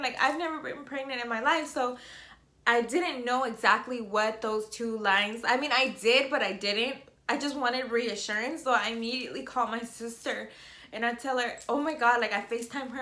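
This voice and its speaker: A woman's voice: fairly high pitch, echoey room. A young woman telling viewers emotional personal news in a chatty vlog, slightly out of breath and full of fillers. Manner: chatty, tearful and excited, many fillers. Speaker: vlogger.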